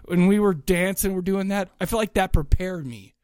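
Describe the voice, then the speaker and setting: Man, high voice, dry close sound, rambling excitable podcast chat, middle-aged. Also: moderate pace, no echo. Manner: rambling, excitable, restarts a lot. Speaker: podcast co-host. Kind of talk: casual chat.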